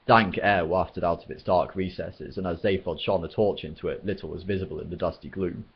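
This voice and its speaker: A man reading a novel aloud as storyteller, in a steady, measured way, on a dull lo-fi recording. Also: deep voice, breathy edge.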